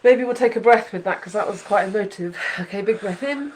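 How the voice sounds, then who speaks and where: A woman's voice: mid-range voice, unhurried, a little hiss or hum, rough recording. A woman hosting a casual chat with her son, heartfelt and rambling, full of fillers and restarts. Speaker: podcast host, mother.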